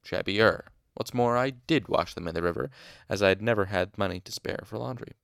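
Gravelly low-voiced man reading a novel. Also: brisk, a bit bright, dry recording, studio quality. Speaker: audiobook reader. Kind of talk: first-person novel narration.

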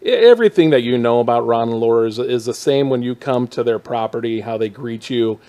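A man's voice: medium pitch, fairly quick, dark tone. A man visiting as a podcast guest in a small studio, chatting enthusiastically and laughing often. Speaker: guest promoting an event. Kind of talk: casual chat.

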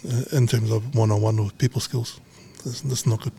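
A man's voice: on the low side, fairly even intonation, moderate pace, creaky, warm tone, slight background noise. A man, a businessman guest in a casual podcast chat, talking bluntly, swearing freely and acting out little exchanges. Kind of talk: casual conversation.

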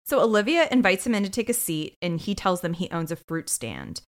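With a mid-range voice, she talks a little fast and barely pauses while co-hosting a podcast. She recaps a TV episode in relaxed conversation, animatedly voicing the characters' lines.

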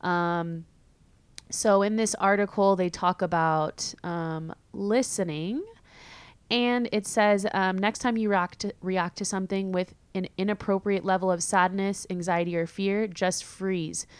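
A young woman hosting a podcast, talking casually and candidly with many fillers and quick laughs. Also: mid-range voice, fairly even intonation, clean tone, dry recording. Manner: chatty, filler-heavy, candid, laughs easily. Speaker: podcast host. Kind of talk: casual solo podcast chat.

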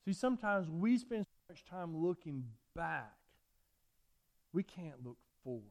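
High-voiced pastor preaching. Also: male voice, measured pace, gravelly. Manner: folksy, animated storytelling with repeated phrases. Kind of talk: sermon.

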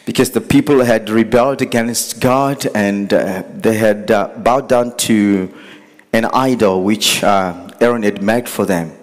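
A man's voice: fairly low pitch, fairly even intonation, measured pace. A man preaching a sermon, earnest and building to impassioned pleading. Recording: echoey hall with long reverb.

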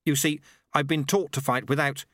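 A man's voice: on the high side, steady tone, moderate pace, fairly bright tone, no room sound, clean studio sound, pitched above the performer's own voice. A man reading an audiobook, voicing an earnest young monk who speaks hesitantly and carefully.

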